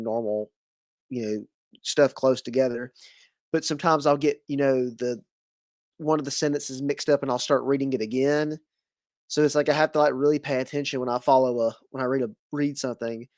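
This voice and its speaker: A man's voice: mid-range voice, fairly even intonation, brisk, no room sound. A male podcast host with a Southern US accent, chatting casually in a mid-range voice. He rambles and restarts his sentences, wandering loosely through each thought. The sound is dry and close. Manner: rambling, many fillers and restarts. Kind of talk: casual conversational interview.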